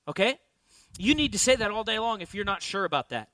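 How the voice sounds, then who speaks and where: High-voiced, bright male preacher. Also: animated, a little fast, no echo. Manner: emphatic, asks the congregation rhetorical questions; repeats key lines for emphasis. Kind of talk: sermon.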